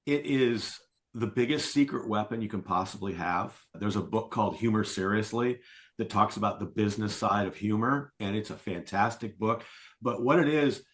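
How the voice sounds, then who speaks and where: A middle-aged man speaking as a sales coach in a podcast interview, telling stories and acting out quoted lines with lively voices. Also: fairly low pitch, normal speed. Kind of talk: conversational interview.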